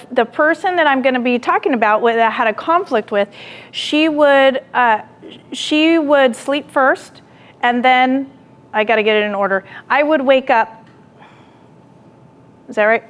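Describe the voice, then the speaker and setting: A woman's voice: a little high, moderate pace. A woman giving a classroom lecture, telling a personal story and acting out her own lines with animation, then putting questions to the audience. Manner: asks the audience direct questions.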